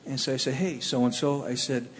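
A man from the Cleveland area telling his own testimony in a plainspoken, animated storytelling way. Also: medium pitch, moderate pace, in a large hall, slight background noise.

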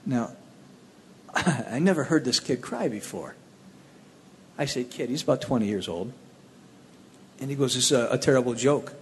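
A man from the Cleveland area tells his personal testimony, animated and plainspoken, with a middle-pitched voice. It is recorded in a roomy hall with a long reverb tail and faint ambience behind him. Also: normal speed, pauses often, slight background noise. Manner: plainspoken, animated storytelling with restarts. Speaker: speaker telling his testimony.

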